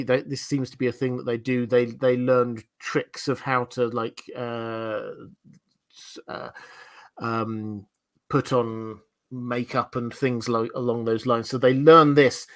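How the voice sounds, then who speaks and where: A man appearing as a guest in a casual discussion, explaining his points in a measured way. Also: mid-range voice.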